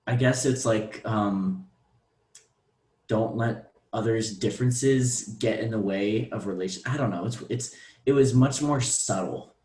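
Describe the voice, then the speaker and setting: A man's voice: fairly low pitch, measured pace, darkish tone. A young man co-hosting a casual movie discussion, thoughtful and full of ums and restarts. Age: young adult. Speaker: podcast co-host. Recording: roomy echo.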